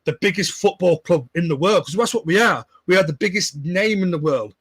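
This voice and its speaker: A frustrated man rants with a high voice in a casual fan discussion. He swears freely and keeps pressing his points. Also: animated, fairly quick, fairly bright tone, slightly rough. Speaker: fan pundit.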